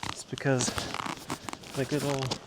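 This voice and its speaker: A man chatting casually while out on a long-distance hike. He rambles in a relaxed way with plenty of fillers, talking into a small body-worn mic. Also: medium pitch, slow. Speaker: long-distance hiker vlogging his walk. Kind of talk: casual walking vlog. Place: outdoors on a lochside walking trail. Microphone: small body-worn mic with gear knocking on it. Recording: loud outdoor noise with thumping on the mic.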